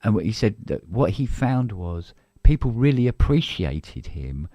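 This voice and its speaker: A man's voice: fairly low pitch, sing-song, unhurried, mellow, no room sound, highs cut off. A middle-aged man from England, co-hosting a live stream in casual chat, rambling with restarts and the odd cough.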